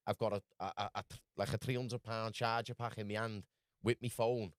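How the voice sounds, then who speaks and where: A man's voice: fairly low pitch, little pitch movement, a little fast, no room sound, studio quality. A man from Liverpool with a Scouse accent, telling a rambling travel story as a podcast guest and saying "lad" over and over. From Liverpool, England. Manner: rambling, full of "lad" and "do you know what I mean". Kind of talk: casual storytelling.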